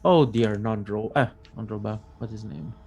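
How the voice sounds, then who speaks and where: A man's voice: fairly low pitch, normal speed, a little mellow, lo-fi sound, faint music behind, lightly acted. A man voicing an eccentric, slightly unhinged old male necromancer who mutters fussily to himself in a tabletop game. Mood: muttering. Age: older.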